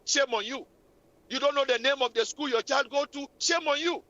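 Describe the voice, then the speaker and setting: Lady radio host lecturing hard, super high bright voice, kinda muffled. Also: brisk, dry recording. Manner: scolding, repetitive, impassioned. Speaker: radio talk show host. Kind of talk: preaching relationship advice. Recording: lo-fi radio recording.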